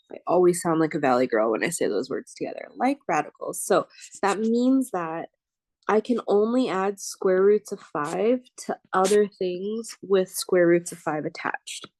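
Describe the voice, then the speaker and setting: A woman's voice: mid-range voice, darkish tone. A woman professor explaining algebra steps aloud as she writes them out, stopping now and then to check in with her students. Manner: thinks aloud while writing, checks in with listeners. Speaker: math professor. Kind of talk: lecture working problems on a board.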